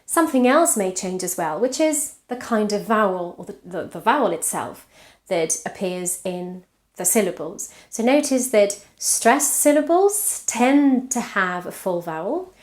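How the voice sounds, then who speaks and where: A woman's voice: mid-range voice, animated. A woman from Spain with a Spanish accent, coaching English pronunciation in an online lesson, reading out word pairs and checking in with the learner. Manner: explains patiently, checks in with "yeah?" and "right?", reads word pairs slowly.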